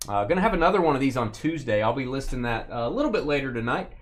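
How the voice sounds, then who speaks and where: Joking man hosting a live card break. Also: very fast. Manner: joking, rambling, lively pitch swings. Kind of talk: live stream banter.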